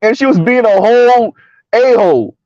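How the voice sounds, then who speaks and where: His voice is very high-pitched yet darkish in tone, with lively intonation and a moderate pace. This casual commentary vlogger chuckles a lot and constantly asks his audience "right?" The lo-fi audio is dull and dry, with no echo.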